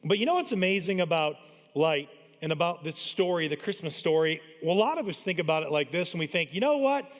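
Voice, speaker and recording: A pastor in his thirties delivers a Christmas sermon in a large church hall, speaking conversationally and sharing family stories. His voice is on the high side and a little fast, carried by a long church-hall reverb.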